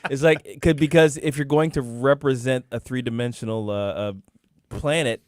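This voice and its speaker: A man's voice: medium pitch, normal speed, darkish tone, no room sound, studio quality. Playful man hosting morning talk radio. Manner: playful, jokey, stumbling restarts. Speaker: radio talk show host. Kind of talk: casual radio banter.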